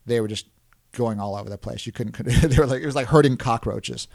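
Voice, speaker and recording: A man at a middle pitch tells stories from the road in a loose, rambling way. He restarts his sentences often and laughs as he goes. When he quotes someone else's panic, his voice jumps up higher. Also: fairly quick, gravelly, a crowd in the background. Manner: acts out other people's panicked lines in a higher voice. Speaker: podcast guest, clown performer. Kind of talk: casual storytelling interview.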